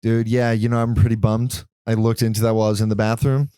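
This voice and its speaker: A man's voice: fairly low pitch, flat delivery, fast talker, dark tone, smooth, no room sound, studio quality. A man appearing as a guest comedian on a podcast, chatting casually. He laughs often and trails off mid-sentence.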